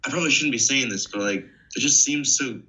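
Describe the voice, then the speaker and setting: A man's voice: mid-range voice, brisk, bright, forceful tone. A teenage young man, a pilot guest on a podcast, talking casually and hesitantly with many fillers. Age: teens. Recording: dull lo-fi sound.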